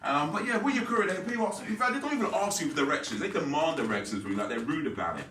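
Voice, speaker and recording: A man doing a stand-up comedy set, lively and self-mocking, often laughing at his own jokes. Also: fairly high pitch, racing, a little hiss or hum. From England. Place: comedy club stage, roomy venue. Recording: echoey club audio from far off.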